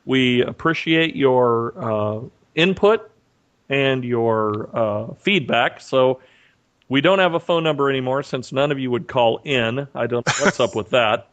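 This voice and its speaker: A man's voice: medium pitch, measured pace, highs cut off. A man co-hosting a podcast over a remote call, telling a story in casual chat and acting out the lines of the people in it. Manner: animated storyteller, acts out quotes. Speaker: podcast co-host. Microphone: remote call mic.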